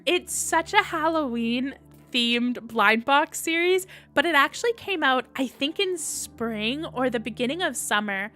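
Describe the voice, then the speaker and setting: Slow, bright-voiced young woman streamer. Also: high-pitched, no room sound, studio quality. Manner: chatty, reads and answers viewer comments. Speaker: livestream host. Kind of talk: casual livestream chat.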